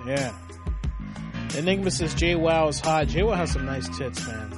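Animated storyteller man with a high voice. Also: moderate pace, loud music behind the voice. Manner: animated storytelling, swears a lot, acts out quotes. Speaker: podcast co-host. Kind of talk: casual profane chat.

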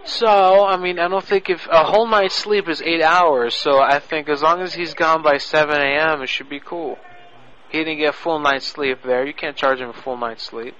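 A man's voice: fairly high pitch, fairly even intonation, moderate pace, sharp tone. A man making a prank phone call, lecturing in an indignant way over a lo-fi line. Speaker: prank caller. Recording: lo-fi phone audio on radio.

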